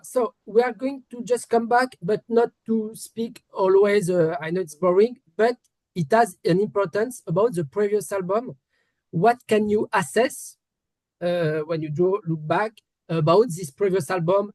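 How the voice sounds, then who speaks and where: A man's voice: sits high, a little slow, a little mellow, dry recording. A man from France with a French accent, interviewing a musician in English, his second language, with many hesitations and restarts. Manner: hesitant, restarts often, polite apologies.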